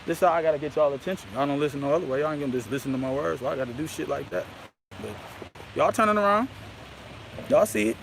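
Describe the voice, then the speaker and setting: A man's voice: mid-range voice, steady tone, rapid-fire, creaky, slight background noise, low-quality recording. A man rambling grandly and profanely into a handheld phone outdoors, peppering his talk with "you know what I mean". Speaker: vlogger.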